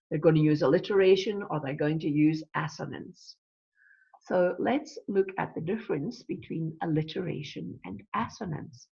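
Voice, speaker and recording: A woman teaches a live online lesson in a low, husky voice, taking her time over every point. She checks in often with "okay" and draws out rhymes and tongue twisters slowly. The sound is dull and lo-fi. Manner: explains slowly, says tongue twisters and rhymes in a slow sing-song.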